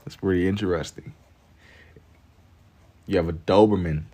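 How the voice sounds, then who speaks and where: A man's voice: low voice, steady tone, moderate pace, warm tone. A young man with a way of talking, drawing on a livestream and chatting easily with his viewers. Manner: laid-back, reads and answers chat while drawing. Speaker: livestream artist. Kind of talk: casual livestream chat.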